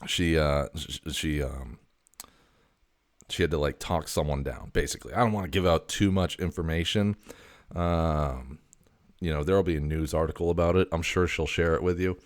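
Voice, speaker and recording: A man's voice: extremely low pitch, normal speed. A man hosting a comedic casual chat, stammering, cursing and sounding exasperated. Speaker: video host.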